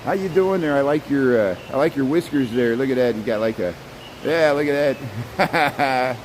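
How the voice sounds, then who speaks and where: A man's voice: medium pitch, moderate pace, a little hiss or hum, low-quality recording. Chatty man touring a birdhouse. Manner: chatty, talks to the animals, trails off and repeats words. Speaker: vlogger. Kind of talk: casual walking tour narration. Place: indoor zoo birdhouse.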